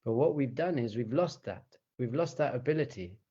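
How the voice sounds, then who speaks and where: A man teaching meditation as a rabbi, in an animated, conversational way. He chuckles often and poses rhetorical questions to his listeners in a mid-pitched voice. The recording is slightly dull and lo-fi. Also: normal speed, slightly rough.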